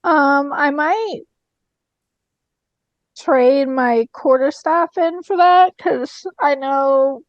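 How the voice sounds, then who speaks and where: Slow, hesitant woman tabletop player. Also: high voice, no room sound, muffled recording. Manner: hesitant, many fillers. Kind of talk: casual tabletop game chat.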